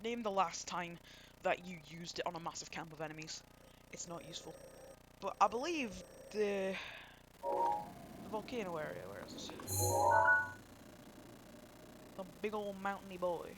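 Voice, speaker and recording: A man's voice: high-pitched, noisy background. A young man giving loose, chatty commentary while playing a video game, full of fillers and side tangents. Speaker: gameplay streamer. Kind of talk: rambling gameplay commentary. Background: loud game music.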